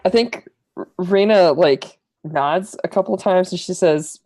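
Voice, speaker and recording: A woman's voice: fairly low pitch, unhurried, mellow, no room sound, rough recording. A woman playing a tabletop roleplaying game, talking casually with many fillers and stammers. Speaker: player. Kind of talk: actual-play roleplay chat.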